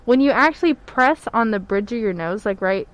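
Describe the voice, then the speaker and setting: A woman's voice: medium pitch, animated, normal speed, low-quality recording. A young woman guesting on a casual podcast, giggling as she shares strange facts. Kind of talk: casual chat.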